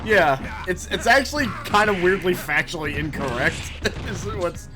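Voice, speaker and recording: A man's voice: sits high, expressive, a little slow. A man streaming a game, chatting casually and rambling, laughing often. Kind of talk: casual gameplay chat. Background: game music.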